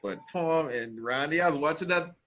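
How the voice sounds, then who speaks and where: A man's voice: a little high, normal speed, sharp tone. A man co-hosting a casual sports podcast, sharing laid-back, reflective opinions. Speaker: podcast co-host. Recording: dull lo-fi mic.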